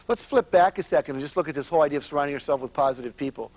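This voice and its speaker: A man speaking as a motivational seminar speaker, telling stories in an animated way and addressing his audience directly. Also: a little high, quick pace, no echo.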